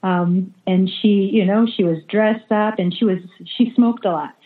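A woman's voice: mid-range voice, fairly even intonation, unhurried. A woman, a religious sister, recounts a memory in a hesitant way, full of fillers and restarts. Her voice comes through a narrow, phone-like line. The sound is also roomy and echoey. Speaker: religious sister, interview guest. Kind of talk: remote interview testimony. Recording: echoey, phone-like remote call audio.

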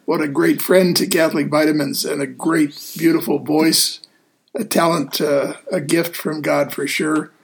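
A man hosting a casual talk show as a deacon, speaking in an earnest, easygoing way with frequent pauses. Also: a little high, little pitch movement, gravelly. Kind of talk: casual radio show chat.

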